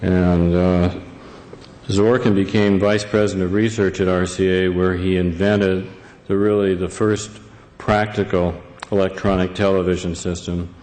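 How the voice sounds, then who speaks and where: A man's voice: deep voice, level tone, normal speed, a little mellow, a little hiss or hum. A man presenting to a live audience, talking with many fillers and restarts. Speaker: event presenter. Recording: echoey hall, faint ambience.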